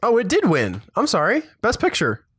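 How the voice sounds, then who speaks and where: A man with a somewhat high voice talks casually through a film review, wandering off into asides and restarting his sentences. The sound is dry and close, with no room in it. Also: normal speed, breathy edge, no room sound. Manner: rambling, self-correcting, animated asides. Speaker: podcast co-host.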